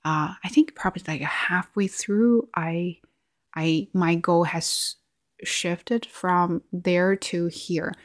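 A woman's voice: on the low side, fairly even intonation, slow, dry recording, clean studio sound. Reflective woman with a Chinese accent. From China. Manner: reflective, with frequent restarts and fillers. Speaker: video host. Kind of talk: casual vlog monologue.

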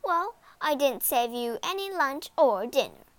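A woman's voice: high-pitched, expressive, measured pace, no room sound. A woman voicing a harsh, bossy stepmother in a read-aloud storybook, snapping her lines.

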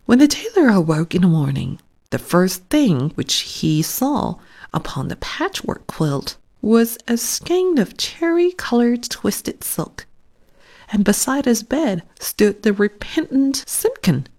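A woman reading a children's story aloud in a soft, hushed, whispered storytelling voice. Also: mid-range voice, very animated, slow pace.

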